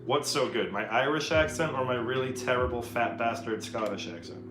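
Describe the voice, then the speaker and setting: A man rambling casually on a painting stream, his voice of middling pitch and loose, profane manner. The room is echoey, and music plays clearly in the background. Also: moderate pace. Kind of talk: casual live-stream chat while painting.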